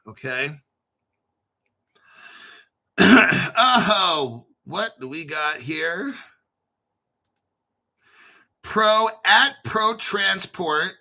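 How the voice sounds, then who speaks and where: Sarcastic bright-voiced male crypto host. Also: a little high, poor audio. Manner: sarcastic, dramatic asides, frequent throat clearing. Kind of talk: sarcastic commentary livestream.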